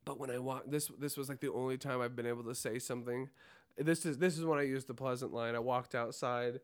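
A young man and podcast co-host telling an animated, swear-filled story in casual chat. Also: mid-range voice, fairly quick.

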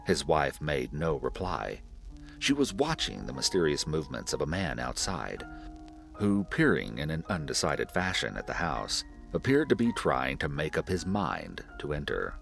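A man narrating a classic horror tale with a very deep, gravelly voice. He reads at a deliberate pace and swings his pitch with feeling. Soft music hums beneath him. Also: huge pitch swings. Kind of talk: scripted horror story narration. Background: faint music.

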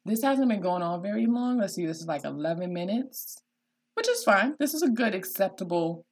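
A woman's voice: mid-range voice, a little fast. A woman hosting a casual podcast chat, telling stories with lots of expression. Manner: animated storyteller, acts out voices. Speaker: podcast host.

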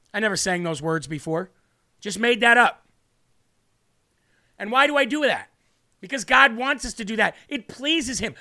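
A man's voice: extremely high pitch, bright, forceful tone. A man hosting a livestream devotional, talking fervently and reading viewer comments aloud. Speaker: online preacher.

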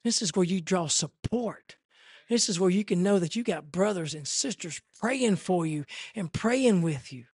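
A man preaching a sermon in an impassioned, repetitive way that swells toward near shouting. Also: high voice, animated, moderate pace, slightly rough, dry recording.

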